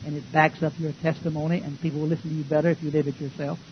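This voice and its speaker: A man's voice: fairly high pitch, little pitch movement, racing. Preacher man, punchy and folksy, old dull tape with a little hiss. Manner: folksy, emphatic preaching with rhetorical questions. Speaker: pastor. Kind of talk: sermon. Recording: dull lo-fi recording with faint hiss.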